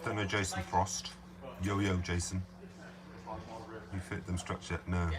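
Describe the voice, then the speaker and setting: A man's voice: low-pitched, level tone, unhurried, a crowd in the background. A man from England chatting casually on a livestream from a car workshop, jokey and sweary, often laughing. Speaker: car vlogger on a live chat. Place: busy workshop with a dyno. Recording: noisy crowded workshop.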